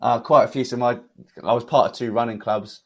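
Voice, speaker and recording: A British man, a podcast guest, telling his stories in a relaxed, chatty way with plenty of fillers. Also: medium pitch, a little fast. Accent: British English. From United Kingdom. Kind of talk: casual conversational storytelling.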